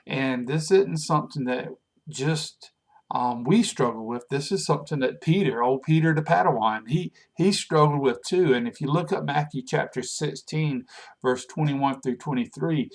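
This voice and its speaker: Gravelly-voiced man preaching a devotional. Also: medium pitch. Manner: earnest, conversational preaching with fillers. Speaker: pastor. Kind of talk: short devotional sermon.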